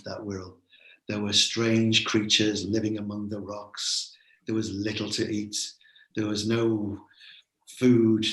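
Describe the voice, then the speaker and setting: A playful man spinning a tale with cheeky asides, his voice low and gravelly. The sound is roomy and echoey, as if he sits in a bare room. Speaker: storyteller. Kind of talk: playful live storytelling.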